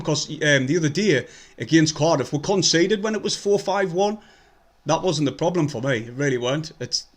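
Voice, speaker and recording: Young guy doing a live match stream, swears a lot, goes quiet and mumbly then suddenly loud. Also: fairly high pitch. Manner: blunt and sweary, mutters and sighs between excited bursts. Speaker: fan livestream host. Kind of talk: casual live match commentary.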